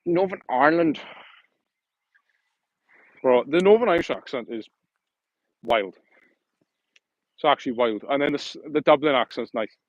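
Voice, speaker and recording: Guy rambling on his livestream, mid pitch, calls everyone bro, dull lo-fi sound. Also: animated, fast talker, dry recording. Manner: rambling, self-correcting, matey. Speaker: livestream host. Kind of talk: casual livestream chat.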